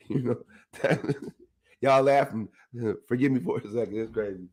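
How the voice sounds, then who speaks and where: A man hosting his own podcast, talking to his listeners in a casual motivational monologue, animated and laughing often. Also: medium pitch, moderate pace, breathy edge. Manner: animated, laughs often, talks straight to the audience. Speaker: podcast host.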